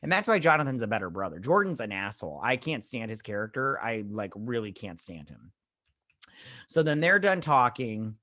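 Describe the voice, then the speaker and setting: A man hosting a casual review show, recapping an episode in a rambling, slangy way and slipping into quick acted quotes. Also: mid-range voice, big pitch swings, pushed and bright.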